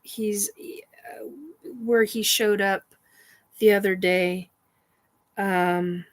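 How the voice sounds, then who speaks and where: Slow, rambling woman host. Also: medium pitch, fairly even intonation, poor audio. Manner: rambling, swearing, defiant, with many fillers. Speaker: host of a paranormal chat stream. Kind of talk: casual live chat.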